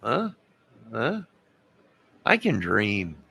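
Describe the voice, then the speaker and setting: Man in his fifties, gravelly, slow-talking, bright edge, meandering live-stream chatter. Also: fairly low pitch, expressive. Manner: meandering, loses his train of thought. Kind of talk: rambling live chat with viewers.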